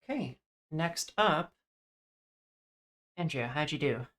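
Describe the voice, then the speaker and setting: A woman narrating as game master for a tabletop game, halting with many fillers. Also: deep voice, expressive, a bit bright.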